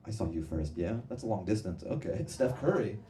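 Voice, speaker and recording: A man's voice: on the low side, very animated, brisk, warm tone, roomy sound. A man doing a stand-up comedy set on a club stage, rambling through tangents and laughing at his own jokes. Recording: distant mic, noisy live room.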